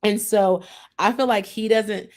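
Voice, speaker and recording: A woman's voice: mid-range voice, steady tone, unhurried, a little mellow. A woman hosting a casual TV recap chat, chatty and opinionated, often acting out what people on the show said. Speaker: host.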